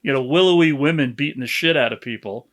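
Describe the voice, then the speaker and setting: A man's voice: mid-range voice, fast, a bit bright. A man co-hosting a film review podcast, giving blunt, wry opinions in casual chat. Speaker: podcast co-host.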